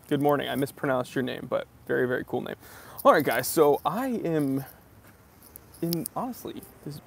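A man's voice: medium pitch, creaky, slightly rough. A man from New England hosting a live stream outdoors outside a library, greeting viewers by name in an upbeat, casual way.

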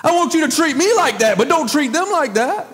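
An indignant prophet ranting at the heavens, his voice pushed well above the speaker's usual pitch and driven hard with force, as a preacher acts him out. It rings with a long hall echo. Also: expressive, fairly quick. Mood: furious, bitter. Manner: shouting, accusing, rising in pitch. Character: furious petulant male prophet, ranting. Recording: long reverb of a large hall.

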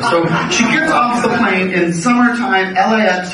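Male comedy writer, high-pitched, animated storyteller; echoey distant recording with background noise. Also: moderate pace, hardly any pauses. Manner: animated, punchy anecdote delivery. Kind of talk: comic storytelling.

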